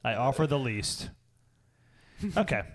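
A man's voice: mid-range voice, unhurried. A young man co-hosting a podcast, trading crude jokes in casual chat and running himself down. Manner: joking, self-deprecating, crude humor. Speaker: podcast co-host.

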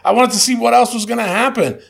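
High, gravelly-voiced male co-host. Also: fast, a bit bright. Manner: hesitant, many fillers and restarts, dry verdicts. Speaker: podcast co-host. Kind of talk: casual chat.

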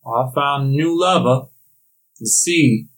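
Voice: medium pitch, takes it slowly. A game master voicing a boastful pirate father who ran off to sea, in a folksy old-timey drawl. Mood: rambling.

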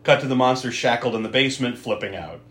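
A man's voice: medium pitch, fast talker, a bit bright, echoey room. A man recapping an old film in casual talk, laughing often, swearing, and acting out the characters. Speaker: podcast host.

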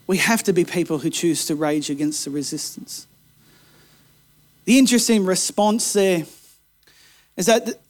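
High-voiced male pastor preaching intensely. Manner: dramatic, swings between quiet intensity and rising emphasis. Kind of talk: sermon.

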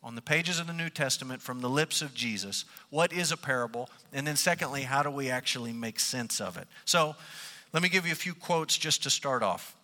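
A man's voice: mid-range voice, lively intonation, fairly quick, bright, forceful tone, long reverb tail. A man teaching a sermon on parables in a folksy storytelling manner.

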